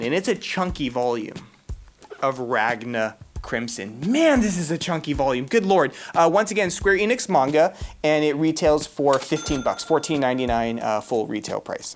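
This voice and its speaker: Excitable woman unboxing manga, lively voice. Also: deep voice, normal speed. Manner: excitable, exclamatory, slangy. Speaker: manga reviewer. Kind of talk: casual unboxing vlog.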